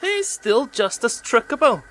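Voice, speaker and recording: A man voicing Ben, a mischievous young tank engine who chuckles and teases in a very high voice. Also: big pitch swings, moderate pace, bright, forceful tone, a little hiss or hum, full character voice. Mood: teasing. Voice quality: teasing, chuckling.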